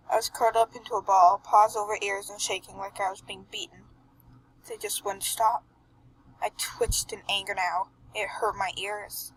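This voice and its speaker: A young woman reading a fan story aloud, narrating in a soft, hushed, dramatic way. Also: medium pitch, low-quality recording. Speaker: fan dub reader.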